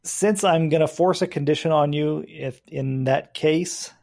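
A man's voice: fairly high pitch, measured pace, creaky, a little mellow. A man acting as game master, explaining rules and narrating a tabletop game with frequent hesitations.

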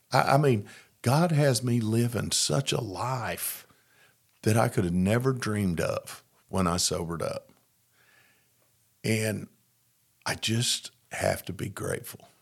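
A middle-aged man telling his recovery story to an interviewer, plainspoken and reflective, pausing often with fillers. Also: mid-range voice, creaky. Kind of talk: testimony in an interview.

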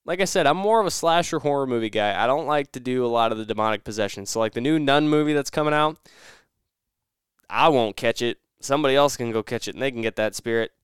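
A man's voice: medium pitch, fast talker, smooth, no echo, studio quality. A young man hosting a casual solo podcast, rambling and correcting himself as he tells stories. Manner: rambling, self-correcting storyteller. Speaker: podcast host.

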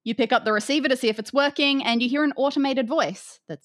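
A woman's voice: sits high, quick pace, few pauses, a bit bright, dry recording, studio quality. A woman hosting a podcast as game master, playfully narrating the objects in an escape room puzzle.

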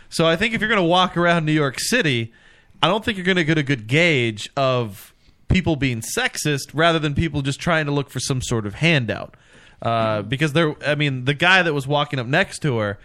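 A man hosting a casual talk show, pausing and steering the conversation. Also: a little high, fairly bright tone. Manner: stops and restarts to steer the talk. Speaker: podcast host. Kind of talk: casual chat.

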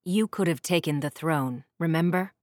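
A woman's voice: sits low, normal speed, darkish tone, no echo, clean studio sound, lightly acted. A woman voicing a haughty young prince who speaks curtly and sarcastically in an audiobook. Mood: curt, mocking. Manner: sarcastic, snappish. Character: haughty young adult prince, curt and commanding.

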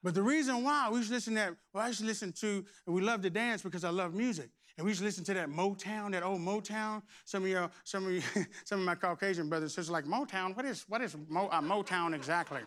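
A middle-aged man, preaching a lively, playful sermon with shouts and humor. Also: high voice, fast talker, hardly any pauses. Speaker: pastor.

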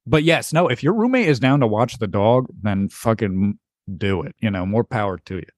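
A man's voice: lowish voice, lively intonation, normal speed, dry recording, clean studio sound. A young American man hosting a podcast, chatting casually, sarcastic and swearing freely. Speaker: podcast host. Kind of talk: casual chat.

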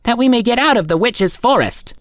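A man's voice: extremely high pitch, expressive, fairly quick, no room sound, studio quality, pitched above the performer's own voice. A man voicing a young boy in a storybook reading, in a raised boyish voice. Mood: resolute. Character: young boy, bold and practical.

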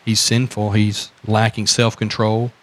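A man's voice: lowish voice, level tone, measured pace, fairly bright tone. A man with a Southern American accent preaching a sermon as pastor, repeating phrases and asking the congregation questions.

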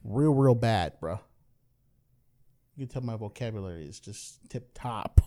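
A man's voice: on the low side, animated, unhurried, mellow. A man giving casual, slangy reaction commentary on a video as its host, joking as he talks.

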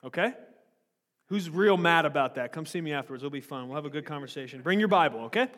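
A man preaches a sermon with a slightly high voice, blunt and confrontational, breaking in with jokes. His voice carries a long echo through a large church sanctuary. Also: expressive, quick pace, a bit bright. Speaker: pastor.

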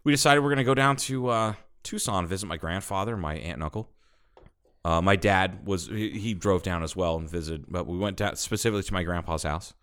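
A middle-aged man and podcast co-host telling a story in casual chat, animated, swearing and laughing as he goes. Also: sits low, brisk, smooth.

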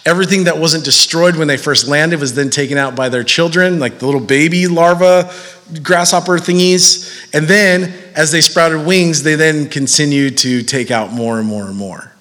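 A man's voice: on the high side, pushed and bright, in a large hall. A man preaching a sermon as pastor, talking conversationally and animatedly with frequent fillers and repeats.

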